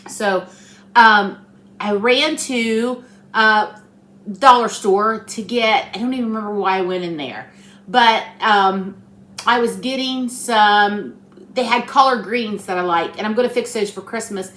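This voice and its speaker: A woman's voice: medium pitch, measured pace, fairly bright tone, reverberant. A middle-aged woman, rambling and telling stories as she cooks at home for her vlog, tired after a long week. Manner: rambling, storytelling, talkative. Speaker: cooking channel host. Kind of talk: chatty home cooking vlog. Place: home kitchen.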